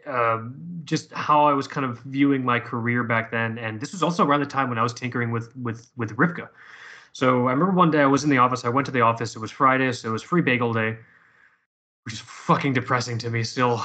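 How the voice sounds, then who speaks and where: A man's voice: medium pitch, pushed and bright. A man telling a personal story in casual conversation, profane and rambling with many restarts.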